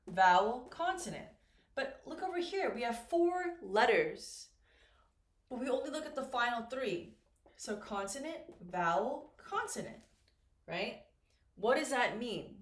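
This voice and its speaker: A woman teaches a grammar lesson in a slow, patient, deliberate way, often pausing to check that learners follow. Her voice sits fairly high. The room around her echoes. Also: a bit bright. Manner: slow, deliberate, repeats and checks with "right?" and "okay?". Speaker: English teacher. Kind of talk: classroom grammar lesson at a board.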